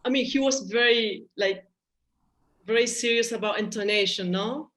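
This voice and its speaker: A woman's voice: on the high side, normal speed, a bit bright. Chilean-accented woman in an echoey room. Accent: Chilean Spanish. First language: Spanish. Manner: adds "no?" to sentences, hesitant restarts. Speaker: musician guest. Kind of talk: casual conversation.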